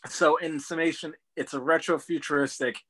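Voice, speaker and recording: A man's voice: on the high side, fairly even intonation, normal speed, fairly bright tone. A man in his twenties, a guest on a chat show, talking eagerly about his work in a casual, rambling way. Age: 20s. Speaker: podcast guest.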